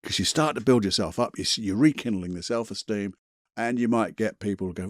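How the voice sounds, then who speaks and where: A man's voice: fairly low pitch, fairly quick, no echo, studio quality. A man hosting a self-help podcast, talking in a blunt, chatty, motivational way with the odd mild swear. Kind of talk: casual motivational monologue.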